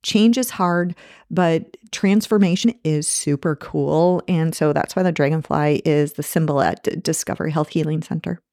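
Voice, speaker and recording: A woman's voice: deep voice, fairly even intonation, normal speed, vocal fry, few pauses, warm tone, no echo, clean studio sound. A woman nurse practitioner answering interview questions in an earnest, encouraging way, repeating her key points. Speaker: nurse practitioner and clinic owner, guest.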